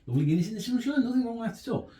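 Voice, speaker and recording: A man from England in a jokey, animated casual chat, tasting and rating beers in a home pub shed. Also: very high-pitched, racing, far from the mic. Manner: jokey, animated, easily amused. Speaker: co-host and beer taster. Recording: echoey room with faint hiss.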